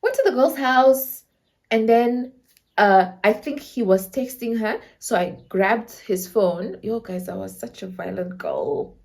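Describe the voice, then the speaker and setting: A Namibian woman in her twenties tells a casual storytime vlog, acting out other people's lines and mixing in local slang. Her voice is fairly high with lively intonation, a measured pace, and a darkish tone.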